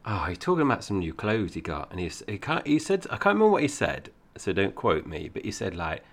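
A man in his forties from Essex, England, with a slight Cockney accent, co-hosts a film podcast in chatty, rambling conversation and laughs often. His low-pitched voice is creaky and fairly bright, with big pitch swings, and he talks quickly with hardly any pauses.

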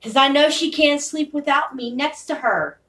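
A woman's voice: high-pitched, moderate pace, fairly bright tone, recorded from a distance, low-quality recording. Profane, intense woman, off-mic. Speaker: podcaster. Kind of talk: rambling monologue.

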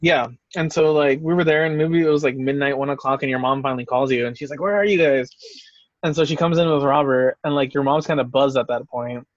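A man co-hosting a podcast, telling a story in a relaxed, laughing way and swearing freely. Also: medium pitch, brisk, no room sound, dull audio. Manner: laid-back, swears freely, laughs often. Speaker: podcast co-host. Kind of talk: casual storytelling chat.

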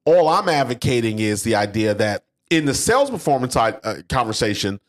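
A man of medium pitch who talks fairly quickly co-hosts a podcast. In a casual chat about sales and business, he animatedly acts out the salespeople he's quoting.

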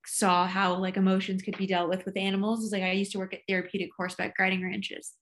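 A woman talking in a casual conversation, reflective and supportive, often pausing and restarting her phrases. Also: medium pitch, flat delivery, fairly bright tone.

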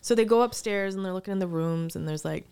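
A woman's voice: medium pitch, quick pace, clear, resonant tone. A woman chatting casually on a podcast, telling a story with lots of "like" and acted-out quotes. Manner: animated storyteller, acts out quoted voices, frequent "like". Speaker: podcast co-host. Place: lives in Hollywood.

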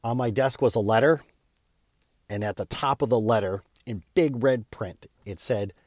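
Guy telling his own story on a podcast, average pitch, earnest, trips over words a bit, dry close sound. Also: moderate pace, a little mellow, no echo. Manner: earnest, candid, with small stumbles and repeats. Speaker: podcast host.

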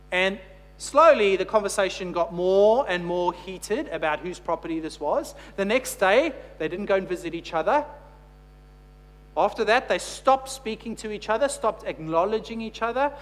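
A man preaches a sermon in a fairly high voice, moving from storytelling to emphatic, repeated phrases. His words ring out with a long reverb in a large hall, over a faint electrical hum. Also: fairly bright tone.

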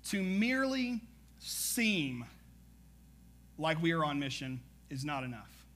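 A man preaching a sermon as pastor, energetic and conversational, with frequent asides to the congregation. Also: fairly high pitch, takes it slowly.

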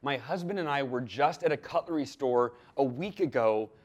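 A man quoting a friendly woman on vacation from Europe, in a soft, chatty way and close to his own voice. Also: mid-range voice, expressive, normal speed, close to an everyday voice.

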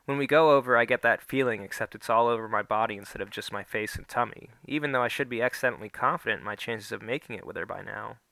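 Male story narrator, bright and crisp, dry close mic. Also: fast, few pauses, dry recording. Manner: voices the characters with small pitch shifts. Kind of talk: first-person story reading.

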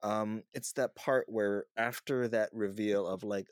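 A man co-hosting a podcast, chatting casually about a movie and acting out his own reactions in an animated way. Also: lowish voice, unhurried, dry recording, studio quality. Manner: animated, mocks scenes with quoted reactions. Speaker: podcast co-host. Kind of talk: casual movie review chat.

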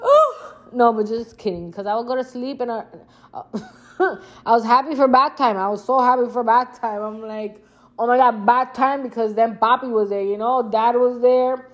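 Speaking at a moderate pace, a young woman shares stories to camera in a relaxed, candid way, treating her viewers like a close friend and cursing casually now and then. Whenever she quotes herself, her voice leaps noticeably higher.

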